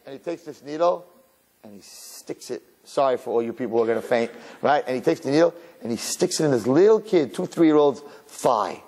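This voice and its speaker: A man preaching a sermon as a rabbi, telling stories in an animated way. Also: mid-range voice, brisk, slight background noise. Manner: animated storyteller who acts out his characters.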